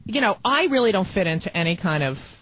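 Woman comic from New Jersey, lively swooping pitch, bright, slightly dull lo-fi sound. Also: fast talker, husky, no echo. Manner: rambling, self-deprecating, breaks into shrieks. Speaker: guest comedian. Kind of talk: casual chat.

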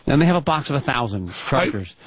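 A man's voice: mid-range voice, sing-song, fast, slightly rough, no room sound, lo-fi sound. A man co-hosting a radio show, joking through playful casual banter. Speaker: radio co-host.

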